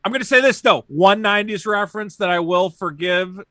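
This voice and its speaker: A man's voice: sits high, a little fast, bright, forceful tone, no room sound. A man, a sarcastic film critic, mocking a movie's lines in a playful debate. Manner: sarcastic, mocks lines in silly voices. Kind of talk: playful debate, arguing a side.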